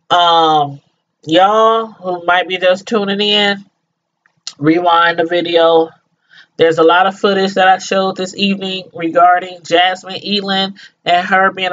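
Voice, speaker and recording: A woman's voice: medium pitch, fairly bright tone. Middle-aged woman vlogger, emphatic, talks straight to viewers, slangy, repeats herself, lo-fi dull sound. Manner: emphatic, repeats phrases for effect; addresses viewers directly, informal slang. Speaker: vlogger commenting on news. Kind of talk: casual commentary to viewers.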